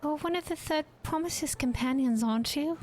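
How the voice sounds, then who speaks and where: A woman's voice: high-pitched, normal speed, a little mellow, soft background music, pitched above the performer's own voice, close to an everyday voice. Woman doing a pompous young artisan lass. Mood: haughty. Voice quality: pompous, formal storybook delivery. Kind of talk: video game character voiced while reading.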